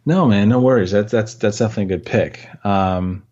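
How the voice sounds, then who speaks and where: A man's voice: on the low side, brisk, a little mellow, dull audio. A man co-hosting a travel podcast, chatting casually in a joking, playful way with lots of fillers and restarts. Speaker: podcast co-host. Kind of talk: casual chat.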